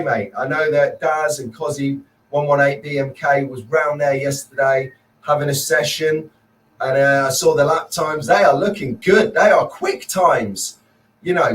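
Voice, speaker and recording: A man's voice: on the high side, far from the mic, low-quality recording. A man hosting a casual live stream chat, upbeat and rambling, greeting viewers by name. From Merseyside, England.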